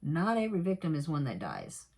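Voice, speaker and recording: Low-voiced woman rambling through a recap. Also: huge pitch swings, brisk, darkish tone. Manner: rambling, many fillers and asides; candid, personal commentary. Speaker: true crime recap vlogger. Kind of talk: casual episode recap.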